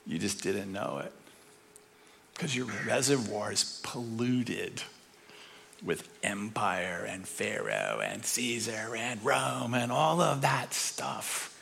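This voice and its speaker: A man teaching a sermon, animated and full of rhetorical questions, sometimes acting out voices. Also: medium pitch, vocal fry, in a large hall, a little hiss or hum. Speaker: speaker.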